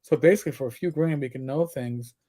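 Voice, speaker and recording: A man's voice: medium pitch, quick pace, mellow. A middle-aged man, a former police officer co-hosting a livestream, telling blunt, profane stories in casual chat. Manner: blunt storyteller, swears freely.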